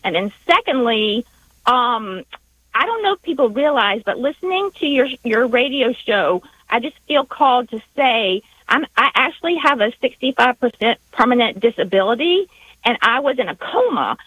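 A woman with a Southern US accent calling in to a radio show, speaking in a halting, heartfelt way with many restarts. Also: on the high side, sing-song, a bit bright, husky, dry recording. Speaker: radio caller. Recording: dull phone line.

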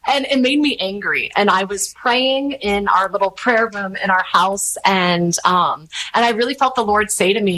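A woman, talking candidly as an interview guest, rambling and animated as she acts out the voices of people she quotes. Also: mid-range voice, moderate pace, hardly any pauses, rough recording. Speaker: podcast host, interview guest. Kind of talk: candid conversational storytelling.

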